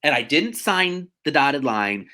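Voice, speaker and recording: A man, a real estate agent chatting as a podcast guest, animated and self-deprecating with quick asides. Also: a little high. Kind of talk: casual podcast conversation.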